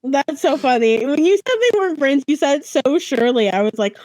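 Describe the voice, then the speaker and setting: A young woman co-hosting a podcast in casual chat, giggly and animated, with quick reactions. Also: sits high, no room sound. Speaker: podcast co-host.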